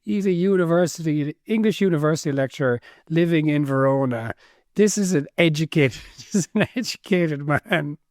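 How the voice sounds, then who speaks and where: A man's voice: a little high, moderate pace, a little mellow, no room sound. A man with a somewhat raised voice talking casually on a podcast, stumbling over repeated words and hedging his points. The recording is close and dry. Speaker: podcast co-host. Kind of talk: casual book-club chat.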